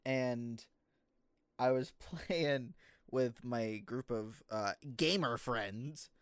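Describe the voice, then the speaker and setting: A man's voice: mid-range voice, very slow, smooth, no room sound, clean studio sound. A young man co-hosting a podcast in casual chat, laughing often as he talks. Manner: giggly, laughs often while talking. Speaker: podcast co-host.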